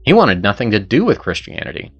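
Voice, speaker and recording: A man's voice: on the low side, huge pitch swings, fast, a bit bright, husky, faint music behind. A man hosting and narrating a scripted story in an earnest, persuasive way. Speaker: host and narrator.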